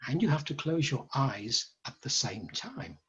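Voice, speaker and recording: A scheming crow with a husky, lively voice, as a man puts him on. He lectures in a smug, persuasive way, his pitch swooping up and down. The storytelling recording sounds dull and lo-fi. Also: unhurried, full character voice. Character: smooth-talking, scheming male crow.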